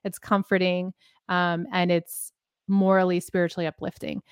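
A woman's voice: fairly low pitch, little pitch movement, normal speed, clean tone, dry recording, clean studio sound. A woman co-hosting a casual faith podcast, teaching with laughter and self-mockery. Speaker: podcast host.

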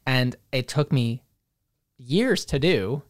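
A man's voice: medium pitch, takes it slowly, dry recording. Young guy ranting casually, lots of likes and fillers, dead dry mic. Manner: animated, swearing, rambling with many fillers. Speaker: podcast co-host. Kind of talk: casual chat.

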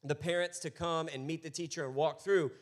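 Animated male pastor preaching. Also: a little high, a little fast. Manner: animated storytelling, acts out voices. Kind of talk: sermon.

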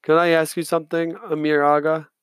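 A man's voice: fairly high pitch, level tone, brisk, clean tone, no echo, clean studio sound, voice pushed up, natural voice. A man voicing a fragile, tearful young boy in an audiobook, with a small, wheezy, choked voice. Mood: tearful, timid. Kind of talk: audiobook character voice.

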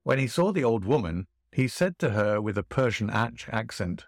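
A man reading an old tale aloud as a podcast narrator, in a measured, dramatic way. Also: on the low side, big pitch swings, vocal fry, no echo, clean studio sound. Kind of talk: storybook reading.

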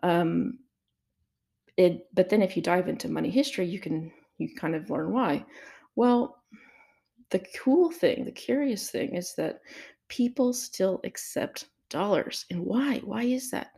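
A woman's voice: fairly low pitch, a little slow, vocal fry, warm tone, breathy edge. A woman giving a casual solo commentary, thinking aloud with fillers and restarts and asking herself rhetorical questions. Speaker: crypto commentator.

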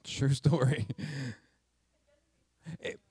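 Drawing out his words, a middle-aged pastor delivers a sermon in a lively, chatty manner. He peppers his teaching with jokes and side comments.

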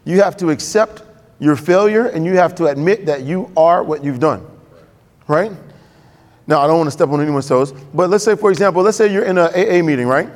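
A man preaching a sermon, talking conversationally and quickly and asking the congregation questions. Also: on the high side. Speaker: pastor. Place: church sanctuary. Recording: long reverb of a church hall.

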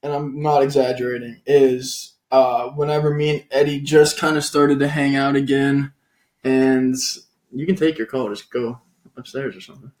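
A man's voice: mid-range voice, flat delivery, moderate pace, darkish tone. Casual young guy telling stories, echoey room. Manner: laid-back storytelling, frequent swearing and laughter. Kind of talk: casual chat.

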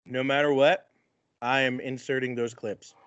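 A man's voice: mid-range voice, level tone, normal speed, fairly bright tone, lo-fi sound, slight background noise. A man co-hosting a podcast, chatting in an easygoing, chuckling way. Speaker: podcast co-host. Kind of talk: casual podcast chat.

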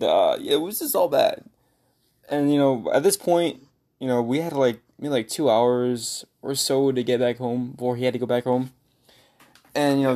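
A young man casually telling a funny story to friends, animated and laughing, acting out quoted lines. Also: medium pitch.

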